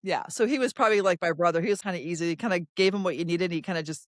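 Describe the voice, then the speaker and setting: A woman's voice: fairly low pitch, racing, dry recording. Woman, podcast host, reminiscing, asks follow-ups, dry close-miked voice. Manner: reminiscing, thinks aloud, asks follow-up questions. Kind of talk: casual conversation.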